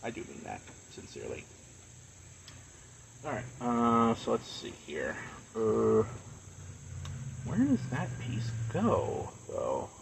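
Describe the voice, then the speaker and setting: Gravelly, lively male streamer. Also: medium pitch, takes it slowly, long pauses, background noise. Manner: rambling, filler-heavy, earnest. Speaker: live streamer. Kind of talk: casual live-stream chat.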